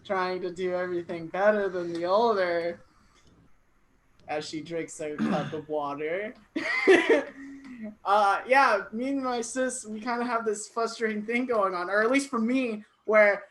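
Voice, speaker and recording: A woman's voice: medium pitch, a little slow, poor audio. A woman hosting an online comedy show, joking and self-deprecating, laughing often. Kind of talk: casual stand-up hosting.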